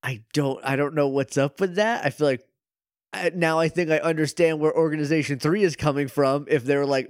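A man's voice: fairly high pitch, steady tone, fairly quick, no room sound, studio quality. A man co-hosting a podcast, making wry jokes and asking puzzled questions in casual chat. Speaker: podcast co-host.

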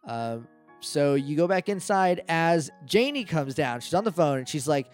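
A man's voice: on the high side, lively intonation, moderate pace, darkish tone, faint music behind. A man narrating as game master of a tabletop role-playing podcast, loose and chatty with lots of fillers.

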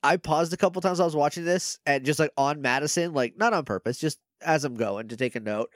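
A man's voice: fairly high pitch, fast talker, dry recording, clean studio sound. A man co-hosting a podcast, chatting casually over a video call, rambling with lots of fillers and frequent laughs. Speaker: podcast co-host. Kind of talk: casual chat. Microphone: remote video-call mic.

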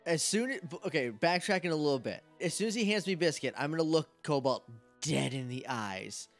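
A man playing a tabletop game, talking with a lot of movement in his pitch, which sits a little above the usual. He is playful and animated as he acts out his turns. Faint music plays in the background. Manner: playful and animated, quick to laugh. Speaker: player.

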